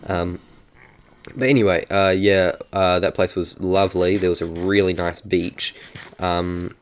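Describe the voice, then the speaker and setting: Young man, New Zealand accent, low voice, rambling casual vlog talk, self-correcting. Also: fairly even intonation, measured pace, smooth. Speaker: YouTuber.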